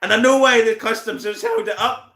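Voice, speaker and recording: A man's voice: sits high, brisk, creaky, a bit bright, reverberant. A Northern Irish man hosting a casual live stream, swearing and laughing as he teases viewers by name. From Northern Ireland.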